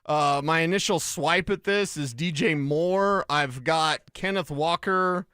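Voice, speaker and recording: A man from Colorado co-hosting a sports talk radio show, chatty and quick to break down fantasy football numbers. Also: on the high side, pushed and bright, smooth, no echo, studio quality.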